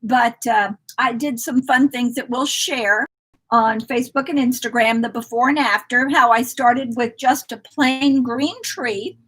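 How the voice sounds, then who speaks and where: Husky chatty woman co-hosting. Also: a little high, a little slow, a bit bright. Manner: chatty, encouraging, rambling. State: losing her voice. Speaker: co-host of a store's live decorating chat. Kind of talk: casual chat.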